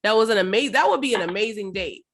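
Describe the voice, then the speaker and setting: A woman's voice: medium pitch, rapid-fire, a little hiss or hum. A woman hosting a podcast in casual chat, blunt and teasing, with plenty of slang. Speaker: podcast host.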